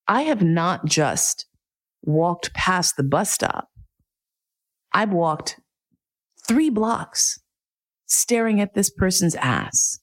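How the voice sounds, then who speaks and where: A middle-aged woman telling a candid, profane, self-mocking story as a monologue. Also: fairly low pitch.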